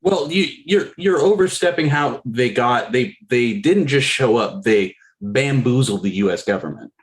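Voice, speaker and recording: A man's voice: medium pitch, expressive, a little slow. A man co-hosting a podcast, chatting casually about a film and throwing in teasing, dry wisecracks. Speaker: podcast co-host. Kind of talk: casual movie-review chat.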